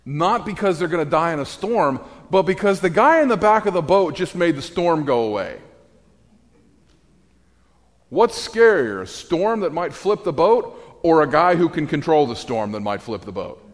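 Wry, animated preacher in a reverberant hall. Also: male voice, on the high side, moderate pace, few pauses. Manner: wry, animated storytelling with sarcastic asides. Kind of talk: sermon.

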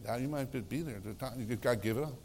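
A middle-aged man, a pastor, preaching a sermon in a conversational way, laughing between phrases and swinging from loud exclamations to hushed, soft tones. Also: medium pitch, fast talker, a little hiss or hum.

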